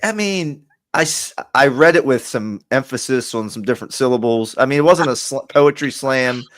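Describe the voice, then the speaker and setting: A man's voice: medium pitch, moderate pace, a bit bright, no room sound, clean studio sound. A man hosting a sports podcast, easygoing and joking in casual chat. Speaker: podcast host.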